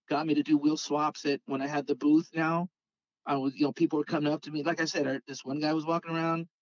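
A man's voice: a little high, no room sound, lo-fi sound. A man casually telling a rambling story about customizing toy cars, acting out the voices of his friends along the way. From Southern California. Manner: rambling, animated when quoting others. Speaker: guest, Hot Wheels customizer.

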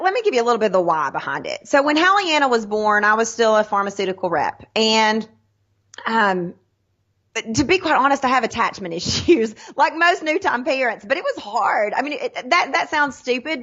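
Southern lady from tennessee, kinda high voice, dull lo-fi sound, acts out everyone in her stories. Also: moderate pace. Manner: animated storytelling, acts out quotes. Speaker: guest, sales trainer. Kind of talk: casual interview chat.

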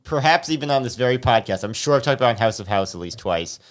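A man co-hosting a comedy podcast, telling stories in a casual, animated way and laughing often. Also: medium pitch, fast, slight background noise. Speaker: podcast co-host.

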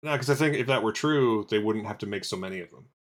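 A man's voice: lowish voice, fast. A man co-hosting a film podcast, talking in a dry, wry way and steering the conversation. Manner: dry, wry, leads the segments. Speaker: podcast co-host. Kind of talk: casual film review chat.

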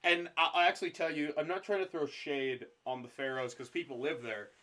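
A man's voice: on the high side, fairly even intonation, brisk, bright, forceful tone. A man co-hosting a podcast, telling a history story in casual chat, joking, swearing a lot and laughing often.

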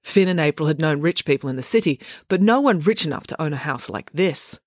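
A woman narrating an audiobook story with expressive storytelling. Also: sits low, brisk, no room sound, studio quality.

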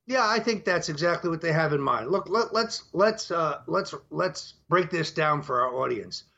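This older man's voice sits a little high and sounds animated, creaky and sharp, moving at a normal speed. Appearing as a talk show guest on dull lo-fi audio, he speaks emphatically and goes through his points in order.

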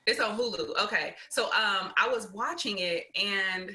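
A woman's voice: mid-range voice, a little slow, few pauses, bright, forceful tone, rough recording. A woman guest in casual chat, talking earnestly and often checking in with "right?". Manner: earnest, keeps asking "right?".

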